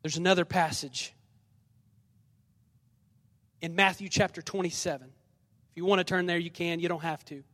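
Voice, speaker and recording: A man's voice: high-pitched, steady tone, normal speed, long pauses, fairly bright tone. A man preaching a sermon as pastor, leading the congregation in responses and reading scripture dramatically in a church. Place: church sanctuary. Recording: long reverb of a large hall.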